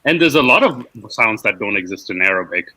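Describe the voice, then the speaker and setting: A man's voice: on the low side, sing-song, fairly quick, bright, forceful tone, dry recording, poor audio. A man co-hosting a live stream, reading out viewer comments and adding dry remarks. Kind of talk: casual live-stream chat.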